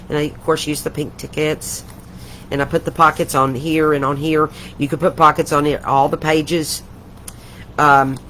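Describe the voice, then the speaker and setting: An older woman hosts a casual craft livestream from home, chatting and rambling while gushing with affection. Her voice sits low with a fairly bright tone, and the rough recording carries slight background noise.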